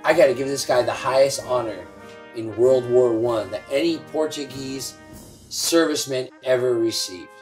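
A man's voice: medium pitch, moderate pace, darkish tone, recorded from a distance, faint music behind, lightly acted. A man doing a declaring king. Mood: proud. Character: grand male king.

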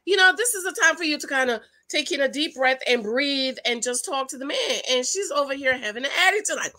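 Sassy woman with a bright, lively voice. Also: high voice, a little fast, hardly any pauses. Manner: sassy, talks back to the screen. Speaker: reality TV reviewer. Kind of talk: casual reaction commentary.

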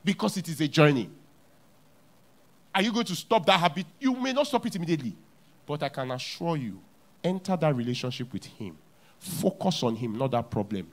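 A man preaching a sermon as pastor in a church, with a Nigerian English accent, repeating key lines and swinging from hushed to loud. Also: on the high side, very animated, fairly quick, pauses often.

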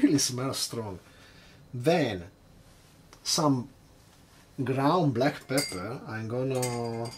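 A man's voice: medium pitch, very noisy. A man hosting a casual cocktail-making vlog at his home bar, chatty and hesitant, nervously poking fun at himself. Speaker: home bartender host.

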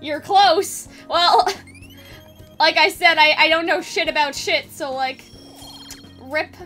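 A woman's voice: high-pitched, slow pace, bright, forceful tone. A young woman giving casual let's-play commentary, chatty and swearing freely, with faint game music behind. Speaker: game streamer.

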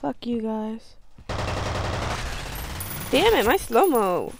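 A woman's voice: fairly high pitch, very animated, extremely slow, vocal fry, a little hiss or hum. A woman giving gameplay commentary, chatty and talking to herself, cursing and getting panicky under pressure. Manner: chatty, talks to herself, swears, gets panicky. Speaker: let's play gamer.

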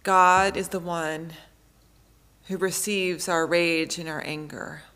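Slow, measured woman preaching a sermon. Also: fairly low pitch, fairly even intonation, fairly bright tone, smooth. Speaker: pastor.

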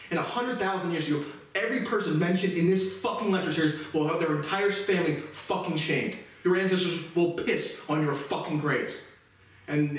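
A man giving a furious, profane, repetitive rant as the host of his own series. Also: fairly high pitch. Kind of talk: angry ranting monologue. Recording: echoey room, distant mic.

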